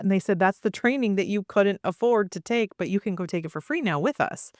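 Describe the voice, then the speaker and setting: A woman's voice: lowish voice, no echo, studio quality. A woman of around forty, a podcast guest, telling her story with energy and acting out the voices of people she quotes. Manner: acts out quoted voices, fast bursts with many asides. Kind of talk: animated storytelling in a podcast interview.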